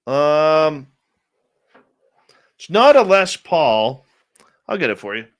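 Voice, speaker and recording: A man's voice: fairly high pitch, sing-song, takes it slowly. A middle-aged man hosting a radio show, chatting casually, greeting viewers by name and ranting bluntly. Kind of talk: casual live-stream chat.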